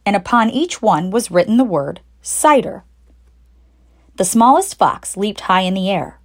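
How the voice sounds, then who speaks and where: Expressive woman reading a children's book. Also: mid-range voice, measured pace. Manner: expressive storytelling. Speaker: audiobook narrator.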